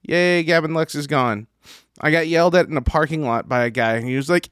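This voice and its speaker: A man co-hosting a casual sports podcast, talking in an animated, joking way. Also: on the high side, a little fast, clear, resonant tone, no echo, clean studio sound. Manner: animated, does excited impressions in stories. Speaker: podcast co-host.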